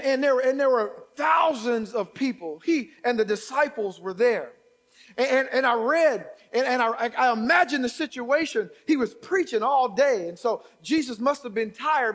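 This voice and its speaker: A man preaching a sermon as pastor, building from quoted scripture to shouted exhortations and repeated phrases. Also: very high-pitched.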